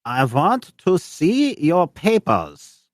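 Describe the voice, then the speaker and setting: A man voicing a sneering male gate guard who talks slowly in a high, mocking voice. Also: huge pitch swings, no room sound, studio quality, full character voice. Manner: slow, high, mocking delivery.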